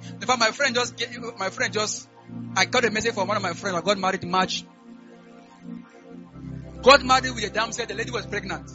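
A man's voice: sits high, fairly quick, long pauses, dull audio, over music. A man preaching a church sermon as pastor, giving announcements and leading prayer, often asking the congregation whether they are together. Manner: call-and-response, asks "are we together?"; rising to loud fervent prayer.

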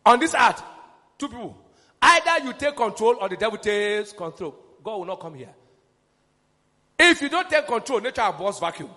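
A man preaching a sermon, emphatic and rousing, calling questions to his congregation and rising into shouts. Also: high-pitched, sing-song, normal speed, pauses often, big-room sound.

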